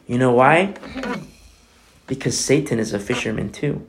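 A man's voice: medium pitch, normal speed, a little hiss or hum. A man preaching a sermon as pastor, emphatic, asking rhetorical questions and repeating phrases for weight.

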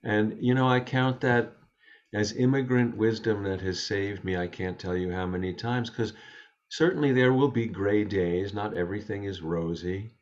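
Male guest, low voice, gentle reflective storyteller, dull lo-fi remote sound. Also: moderate pace. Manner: gentle, thoughtful, with frequent restarts. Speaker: interview guest. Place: home study.

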